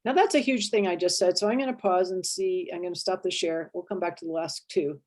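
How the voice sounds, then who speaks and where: A woman therapist leading an interactive workshop, lively and expressive, acting out inner voices and checking in with her listeners. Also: lowish voice, fairly quick. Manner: animated, acts out inner voices and checks in with "right?".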